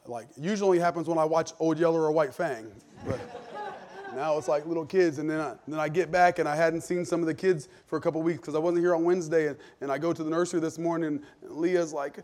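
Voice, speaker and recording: Pastor, forties, preaching earnest and emphatic, slightly higher voice, folksy restarts. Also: male voice, steady tone, fairly quick, darkish tone. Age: 40s. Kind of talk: sermon.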